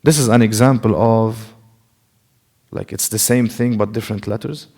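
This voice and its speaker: In a long-echoing mosque hall, a male Quran recitation teacher lectures at a slow, patient pace in a low, gravelly, dark-toned voice. Explaining as he goes, he demonstrates letter sounds personally and puts rhetorical questions to the class.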